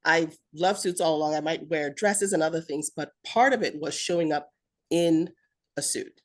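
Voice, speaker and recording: A woman author speaking to an audience about her book in a steady, emphatic way. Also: deep voice, moderate pace. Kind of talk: casual talk to an audience.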